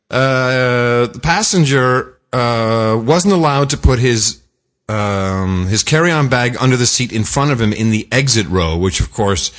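A man's voice: fairly low pitch, a bit bright. A man co-hosting a talk podcast, telling stories in a joking, casual way with frequent laughs. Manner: joking, storytelling, laughs often. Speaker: podcast co-host. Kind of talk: casual chat.

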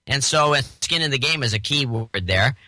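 A man's voice: medium pitch, fairly quick, sharp tone, no room sound. A man co-hosting a podcast over an internet call, rambling bluntly in casual chat. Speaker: podcast co-host.

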